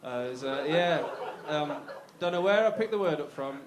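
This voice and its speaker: A man's voice: a little high, lively intonation, normal speed, background noise. A man in his thirties from the Black Country in the West Midlands with a Black Country accent, doing a live stand-up routine in a comedy club. He is chatty and self-mocking and banters with the crowd. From Black Country, West Midlands, England. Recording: roomy live club sound.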